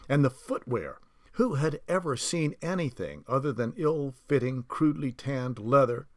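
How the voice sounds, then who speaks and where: A man narrating a novel aloud, reading unhurried with small slips and restarts. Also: mid-range voice, dry recording, studio quality. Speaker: audiobook narrator.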